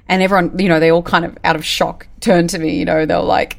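A woman, a business coach giving casual advice, direct and animated, acting out the lines she quotes. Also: fairly low pitch, quick pace, gravelly. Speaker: business coach and recruitment firm owner.

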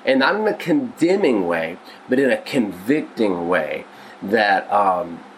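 A man's voice: fairly low pitch, big pitch swings, a little slow, a little hiss or hum, low-quality recording. A male pastor teaching on a devotional podcast, earnest and conversational, often restarting his sentences.

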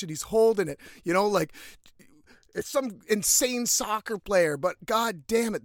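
A man telling a story casually, animated and swearing freely. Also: high-pitched, dry recording, clean studio sound. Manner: animated, profane, conversational.

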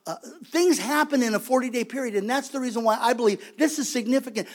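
Guy preaching, pretty high voice, chatty but punchy, says stuff twice. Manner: conversational, emphatic preaching with repetition. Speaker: pastor. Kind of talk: sermon.

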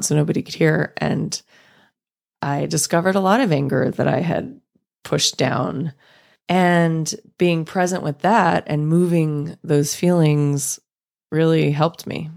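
Slow, gravelly-voiced woman podcaster. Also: deep voice, fairly even intonation. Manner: slow, gentle and thoughtful, with soft laughs. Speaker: podcast host. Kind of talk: reflective solo podcast talk.

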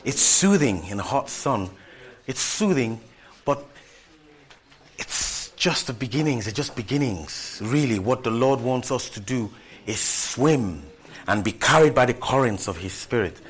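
A man's voice: medium pitch, animated, unhurried. A man preaching a sermon, emphatic, repeating phrases and calling out hallelujah.

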